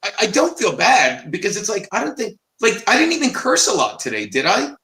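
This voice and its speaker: Loud, high-voiced swearing man. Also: huge pitch swings, a little fast. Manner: loud, swearing, laughing storyteller. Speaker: co-host. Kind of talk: casual chat. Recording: echoey room.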